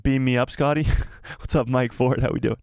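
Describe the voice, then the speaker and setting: Gravelly-voiced man hosting a live stream. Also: mid-range voice, normal speed, dry recording, clean studio sound. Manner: excitable, swears, reads chat aloud. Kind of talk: casual live stream chat.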